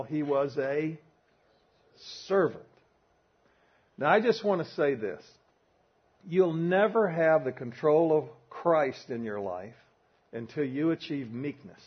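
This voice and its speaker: An older man with a Southern drawl delivers a sermon to a men's Bible study group, leaning hard on homespun stories. His voice is husky, and he drives each point home with emphasis. The recording sounds dull and lo-fi. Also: mid-range voice. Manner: emphatic, folksy storytelling.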